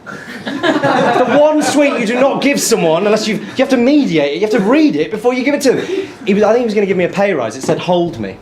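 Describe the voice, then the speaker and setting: A man's voice: very high-pitched, fast talker. A British man performing a stand-up comedy set, telling stories and chatting with the crowd. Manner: animated, excitable storytelling. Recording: live set with clear background noise.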